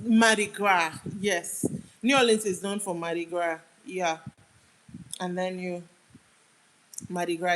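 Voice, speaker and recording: A woman's voice: medium pitch, a bit bright, rough recording. Chatty woman with a Nigerian accent. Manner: chatty, answers comments aloud, drifts off mid-sentence. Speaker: livestream host. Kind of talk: casual livestream chat reading viewer comments.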